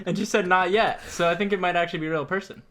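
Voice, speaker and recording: A man's voice: high voice, a bit bright. A young man co-hosting a casual podcast chat, giggling as he reads messages aloud with amused asides. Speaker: podcast co-host.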